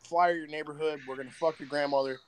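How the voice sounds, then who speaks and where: A man's voice: fairly high pitch, fairly even intonation, fast, a little hiss or hum. A man co-hosting a podcast, trading crude, boastful jokes in loose casual chat. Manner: crude, joking, boastful banter. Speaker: podcast co-host.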